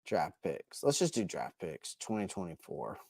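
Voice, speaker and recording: A man's voice: low-pitched, very animated, a little slow, gravelly, a little mellow, no room sound, clean studio sound. A man hosting a casual live stream, answering chat by name with strong opinions and frequent restarts.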